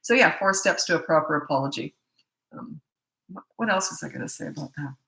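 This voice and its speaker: Middle-aged female parenting coach, blunt and chatty, bright edge to the voice, roomy sound. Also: deep voice, lively intonation, brisk, gravelly. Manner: chatty, blunt, self-deprecating asides. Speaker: parenting coach answering viewer questions. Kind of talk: casual live Q&A.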